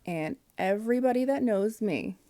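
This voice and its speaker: A woman's voice: fairly high pitch, lively intonation, normal speed, dark tone. A woman in her forties candidly telling an emotional personal story as a podcast guest, with fillers and quoted dialogue.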